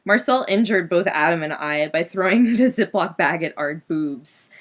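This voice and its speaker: A woman's voice: fairly low pitch, lively intonation, normal speed. A woman voicing a melodramatic eighth-grade goth girl who narrates her diary in a giggly, overdramatic way, full of "like". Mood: giggly gossip. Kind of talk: comic teen diary monologue.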